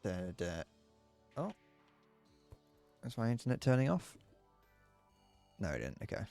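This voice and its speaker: A man's voice: fairly low pitch, wildly swooping pitch, unhurried, vocal fry, mellow, faint music behind. A man chatting casually while streaming a game, rambling, swearing, and stammering through restarts. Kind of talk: casual live-stream chat while gaming.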